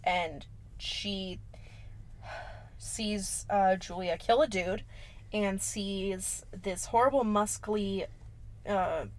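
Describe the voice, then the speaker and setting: A young woman co-hosts a casual podcast, recapping a horror film in a sassy, slangy way. Her voice sits at an ordinary middle pitch. She swears freely and drops in playful asides. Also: very slow, long pauses. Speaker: podcast co-host.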